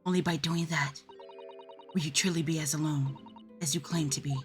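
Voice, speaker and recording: A woman voicing a polite, earnest young female legal assistant in a low, soft, formal tone while reading game dialogue. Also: steady tone, moderate pace, faint music behind, close to an everyday voice. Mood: solemn.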